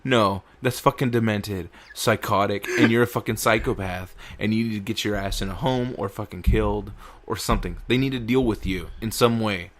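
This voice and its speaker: Low-voiced man hosting a casual podcast. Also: moderate pace. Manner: profane, rambling, reads news aloud with asides. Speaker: podcast host.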